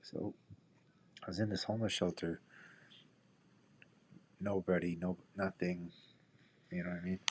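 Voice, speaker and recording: A man's voice: low-pitched, flat delivery, measured pace, pauses often, slight background noise. A man rambling through casual trading commentary and personal stories, swearing freely and dropping into whispered asides to himself. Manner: drops into whispers. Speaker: day trader.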